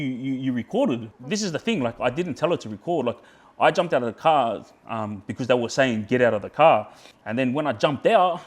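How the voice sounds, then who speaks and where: Australian guy, mid pitch, conversational guest, rambles and repeats words. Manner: rambling, repeats words and restarts, quotes himself. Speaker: podcast guest. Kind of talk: casual storytelling.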